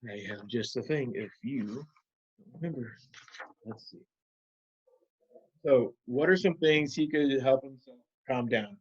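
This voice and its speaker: Patient teacher with a dull lo-fi sound. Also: male voice, medium pitch, unhurried, long pauses, husky. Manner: patient, guiding questions to students. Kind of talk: classroom video lesson.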